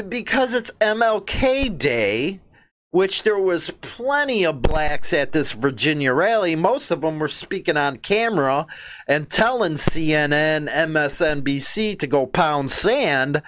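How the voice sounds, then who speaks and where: A man's voice: high-pitched, a bit bright. A man with a Chicago accent hosting a biker news show, giving blunt, combative commentary and mocking asides while he reads news quotes aloud.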